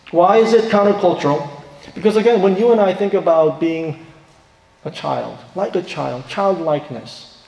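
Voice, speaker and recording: A man preaching a sermon, asking rhetorical questions and stressing key points, then dropping to quiet asides. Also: a little high, vocal fry. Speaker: pastor. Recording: echoey hall reverb.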